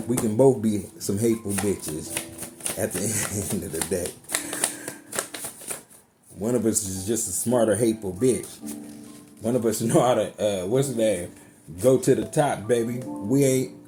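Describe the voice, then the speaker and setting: A tarot card reader with a fairly low voice speaks at a measured pace as he does a casual reading for his viewers. Chatty, emphatic and free with his swearing, he talks with music running beneath him.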